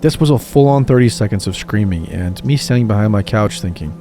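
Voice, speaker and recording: A man narrating true scary stories in a calm, scripted storytelling read. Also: fairly low pitch, brisk. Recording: voice-over with music behind.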